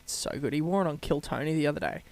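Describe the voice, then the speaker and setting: A man's voice: on the high side, racing, a little mellow, dry recording. A man with an Australian accent, co-hosting a comedy podcast in crude, blunt, casual banter.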